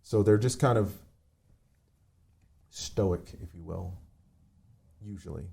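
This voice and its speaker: A man on a remote call telling a painful personal story, halting, with many fillers and restarts. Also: deep voice, vocal fry, mellow. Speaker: podcast guest.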